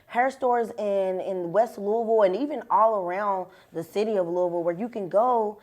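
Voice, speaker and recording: A young adult woman speaking on a panel, emphatic and animated, laughing as she makes her points. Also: medium pitch, normal speed. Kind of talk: candid panel discussion.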